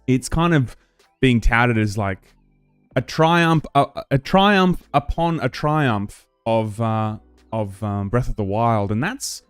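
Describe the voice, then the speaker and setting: A man's voice: mid-range voice, measured pace, smooth, no room sound. A man from Australia hosts a live stream in a loose, chatty way, stumbling and restarting as he talks. His voice sits dry and close to the mic, with faint music underneath. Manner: chatty, full of fillers and restarts. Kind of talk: casual live stream chat.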